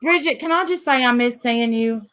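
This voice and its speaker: A woman's voice: a little high, normal speed, a bit bright. A woman hosting a casual online group chat, brash and profane, laughing often. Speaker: host of an online show.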